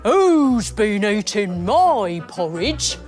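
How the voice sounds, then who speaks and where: Big father bear, gruff and booming; woman doing the voice. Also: very animated, drawn-out words, darkish tone, faint music behind.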